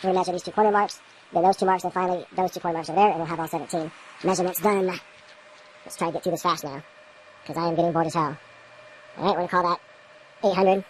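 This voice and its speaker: A woman's voice: lowish voice, fairly even intonation, rapid-fire, long pauses, a little hiss or hum, poor audio. A woman in a casual instructional vlog, rambling to the camera while she works in an indoor grow room and muttering at her equipment. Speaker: home grower demonstrating light readings.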